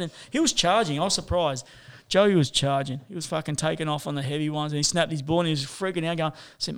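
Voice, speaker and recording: A man's voice: fairly high pitch, fast talker, hardly any pauses, smooth. A man telling rambling, sweary stories in a casual chat, full of fillers.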